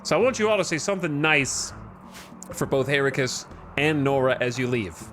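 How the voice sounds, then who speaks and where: A man's voice: medium pitch, expressive, normal speed, fairly bright tone, slight background noise, natural voice. A man voicing an impassioned, grandiose gang-boss-style figure with a put-on Birmingham accent, delivering a scolding eulogy.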